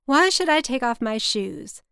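A woman's voice: a little high, animated, unhurried, fairly bright tone, clean tone, dry recording, studio quality. Woman putting on a brash, brassy paranoid mother. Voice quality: brassy and blunt.

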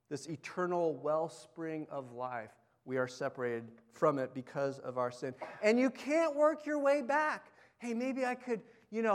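A male pastor preaching a sermon in a conversational way, asking the congregation questions and swinging between emphatic lines and near-murmurs. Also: on the high side.

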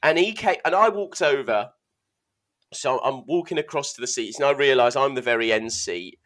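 A young man co-hosting a casual podcast chat, telling animated, self-mocking stories and stumbling over his words. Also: medium pitch, normal speed. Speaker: podcast co-host.

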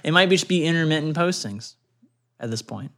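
A podcast co-host with a bright, keen-edged voice that rises and falls a great deal. Teases the other host playfully and laughs often, in a loose, casual chat. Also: mid-range voice, expressive, a little fast.

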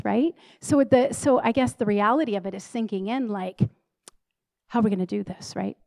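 A woman in ministry giving a lively personal testimony to a congregation, acting out the dialogue as she tells it. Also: a little high, fast, dry recording, poor audio. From Canada. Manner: animated storyteller who acts out dialogue. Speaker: ministry leader.

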